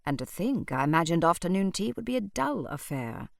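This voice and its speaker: A woman's voice: on the low side, sing-song, brisk, gravelly, no echo, distant mic. A woman voicing a composed male vampire with a dry, understated way of talking.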